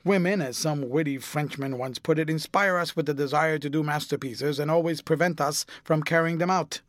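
A man voicing a witty, cynical aristocratic gentleman who drawls out airy, amused epigrams in an audiobook reading. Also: on the high side, normal speed, dry recording, studio quality, natural voice. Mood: drawling.

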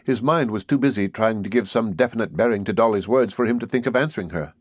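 A man narrating a classic novel as an audiobook in a measured, even storytelling way. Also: fairly low pitch, breathy edge, dry recording.

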